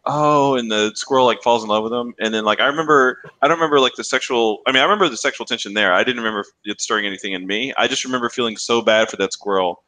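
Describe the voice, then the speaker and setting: A man's voice: mid-range voice, fast talker, hardly any pauses, pushed and bright, rough recording. A man co-hosting a podcast in casual chat, talking loosely with many "like"s. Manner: chatty, many "like"s. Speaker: podcast co-host.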